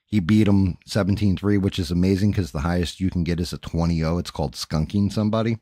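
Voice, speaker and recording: Talking fast in a low, mellow voice, this middle-aged livestream host rambles through a candid, casual chat with his viewers from home and swears freely. The recording is dry and of studio quality.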